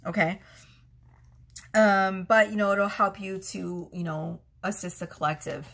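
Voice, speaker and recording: A woman tarot reader rambling excitedly to her followers in a casual vlog, swearing freely and restarting her sentences. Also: mid-range voice, a little slow, gravelly.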